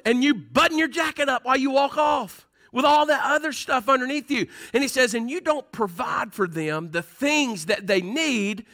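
This pastor from the Southern United States has an extremely high, fairly bright voice and speaks at a normal speed with few pauses. His sermon is folksy and conversational, call-and-response style, with laughs and an "Amen?" tossed to the congregation between points.

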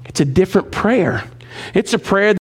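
A man preaching a sermon, speaking straight to his congregation with questions, swinging from loud, high emphatic stretches to low, quiet ones. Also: lively intonation, moderate pace, breathy edge. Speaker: pastor.

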